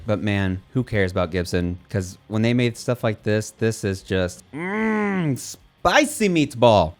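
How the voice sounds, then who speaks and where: A man's voice: mid-range voice, darkish tone. Man, enthusiastic vlog host, casual and gushing. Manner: enthusiastic, gushing, uses "man" and "dude" a lot. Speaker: YouTube bass channel host. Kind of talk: casual video commentary.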